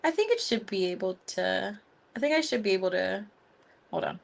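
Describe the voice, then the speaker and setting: A woman's voice: medium pitch, expressive, normal speed, creaky. A woman hosting a live Q&A as a spiritual teacher, chatting casually with viewers, gushing and affectionate, laughing often and leaning on fillers. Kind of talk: casual live-stream chat answering viewer comments.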